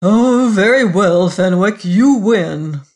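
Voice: medium pitch, expressive, takes it slowly, darkish tone. An audiobook narrator voicing a petulant, scheming devil who speaks in a fussy, pettish and mocking manner. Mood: pettish, sly. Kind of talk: audiobook reading.

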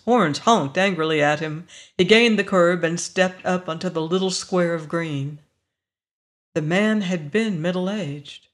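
Audiobook narrator, slow pace, measured even reading, mid pitch. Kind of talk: scripted story narration.

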